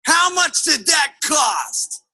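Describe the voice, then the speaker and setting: A man playing a loud, grumpy, beer-drinking husband who shouts and scoffs in disbelief over a video call. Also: extremely high pitch, big pitch swings, slow pace, soft background music, voice pushed up, exaggerated voice. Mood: outraged.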